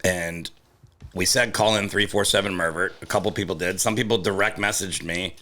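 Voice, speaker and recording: Bright-voiced excitable male podcast host. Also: normal speed. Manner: excitable, jumps into loud high yelps and laughs. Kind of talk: casual comedy podcast chat.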